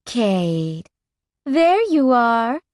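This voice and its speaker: A woman voicing a brash, jealous young biker woman with a sharp, sneering manner. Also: on the high side, big pitch swings, extremely slow, dry recording, clean studio sound, pitched above the performer's own voice, full character voice.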